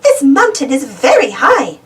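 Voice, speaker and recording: A woman voicing an excited little girl piglet in a read-aloud storybook, squealing and high. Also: unhurried, full character voice. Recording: distant mic with faint noise.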